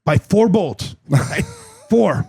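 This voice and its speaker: A man hosting a podcast chats with his crew in a casual, animated way, and he often laughs while he tells a story. His voice is gravelly and a little husky. His pitch sits fairly high and swings widely, and the sound is dry and close. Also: slow, no room sound. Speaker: podcast host. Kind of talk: casual chat.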